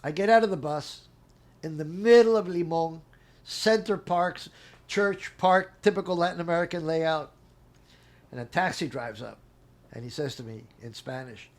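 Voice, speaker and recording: High-voiced middle-aged man telling a story. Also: normal speed. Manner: animated, acts out quotes with laughs. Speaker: interview guest. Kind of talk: casual storytelling.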